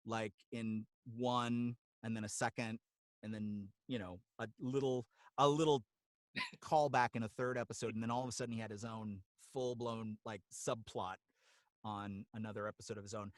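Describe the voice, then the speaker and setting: A man, a guest voice actor, chatting in a casual interview, animated and groping for names, slipping into voices mid-sentence. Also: medium pitch, normal speed, dry recording.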